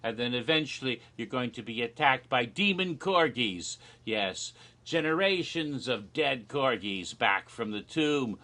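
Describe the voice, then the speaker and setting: A man joking his way through a rambling, deadpan comedic monologue, with frequent restarts. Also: mid-range voice, a little slow, few pauses. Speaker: video creator. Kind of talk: comedic monologue of made-up haunted houses.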